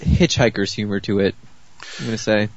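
A man's voice: lowish voice, fairly quick. A man co-hosting a podcast in casual chat, speaking dryly with some hesitation. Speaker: podcast co-host. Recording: dull lo-fi sound.

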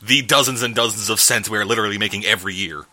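Fast, bright-voiced male podcast host. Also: on the low side. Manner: joking, sarcastic banter. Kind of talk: casual podcast chat.

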